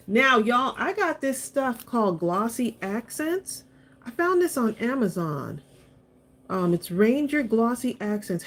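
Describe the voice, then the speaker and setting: Chatty woman hosting a craft stream. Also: mid-range voice. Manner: chatty, laughs often, addresses viewers as y'all. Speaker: craft channel host. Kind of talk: live-stream crafting chat and demo.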